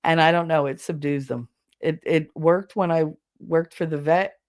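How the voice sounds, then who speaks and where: A woman with a naturally deep voice hosting a livestream podcast, chatting casually with her viewers and telling stories in an animated way. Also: moderate pace. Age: adult with children. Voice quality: low deep voice. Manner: chatty, animated storytelling, laughs often. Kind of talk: casual livestream chat reading the chat.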